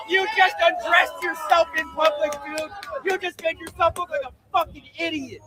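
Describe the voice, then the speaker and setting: A man at a street protest, shouting profane, taunting insults at officers. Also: extremely high pitch, fairly even intonation, unhurried, very noisy. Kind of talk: shouted confrontation. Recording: loud crowd outdoors. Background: loud crowd.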